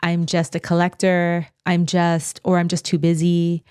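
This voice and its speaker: A woman with a lowish voice hosts an interview. She asks her questions thoughtfully and reworks her phrasing mid-sentence. The sound is dry and close. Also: completely flat delivery, measured pace, darkish tone, smooth, no room sound. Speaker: podcast host.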